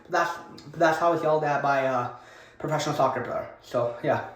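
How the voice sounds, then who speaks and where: Young man, high-pitched, rambling storytime, swears a lot, echoey room. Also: a little fast, a bit bright. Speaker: vlogger. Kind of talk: casual storytime. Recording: roomy echo.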